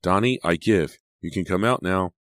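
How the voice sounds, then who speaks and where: A man's voice: low voice, normal speed, fairly bright tone, dry recording, clean studio sound, voice pushed up. A man voicing an anxious teenage girl babysitter in an audiobook, calling out in a pleading, jumpy way. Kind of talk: audiobook character voice.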